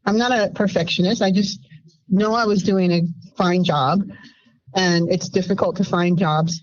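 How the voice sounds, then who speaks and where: A woman in her fifties calling in anonymously, telling her story in an animated, rambling way and acting out what others said. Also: lowish voice, normal speed, lo-fi sound. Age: 50s. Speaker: anonymous caller. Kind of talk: casual storytelling.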